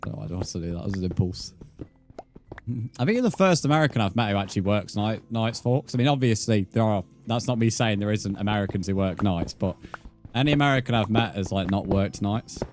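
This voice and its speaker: A man's voice: fairly low pitch, expressive, a little fast, a little mellow, faint music behind. A British man chatting casually while livestreaming a game, swearing freely and muttering counts under his breath. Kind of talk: casual gaming livestream chat.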